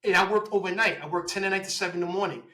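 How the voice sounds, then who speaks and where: A man in his forties, a police officer telling his story in a casual interview, lively, laughing and acting out quoted dialogue. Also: sits high, rapid-fire, poor audio.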